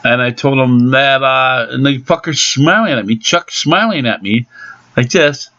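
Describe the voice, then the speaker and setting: A man's voice: medium pitch, a little slow, sharp tone. A man angrily ranting about a botched car repair, swearing heavily. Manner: angry, profane ranting. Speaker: angry car owner. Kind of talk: ranting vlog. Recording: dull lo-fi recording.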